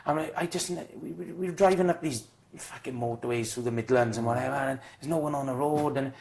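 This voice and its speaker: A man guesting on a podcast and telling football stories in an animated, swearing way, with frequent restarts. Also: mid-range voice, fairly quick, creaky. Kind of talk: casual storytelling.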